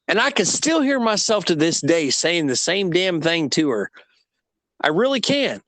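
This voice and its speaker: A man in his thirties telling a personal story in casual conversation, animated and laughing at himself. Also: high voice, normal speed, no room sound. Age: 30s.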